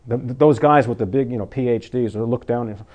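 A man with a medium-pitched voice preaching to his congregation in a loose, chatty way. He throws out rhetorical questions and sometimes laughs at his own jokes, then slows down to read scripture. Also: darkish tone, lo-fi sound. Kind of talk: informal sermon.

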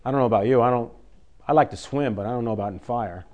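A man's voice: medium pitch, quick pace, a little mellow, dull audio. A man preaching a sermon, folksy and conversational, reading scripture and pressing his listeners with urgent emphasis.

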